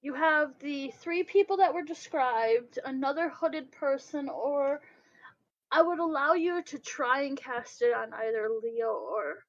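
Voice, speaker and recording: A woman narrating as game master of a tabletop role-playing game, describing scenes slowly and deliberately with hesitant pauses. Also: high voice, muffled recording.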